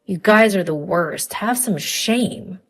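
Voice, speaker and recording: Loud stern father-in-law yelling at his family, woman doing the voice, lowish voice. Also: moderate pace, lightly acted. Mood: angry. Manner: loud, scolding. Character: angry middle-aged father-in-law, stern and scolding.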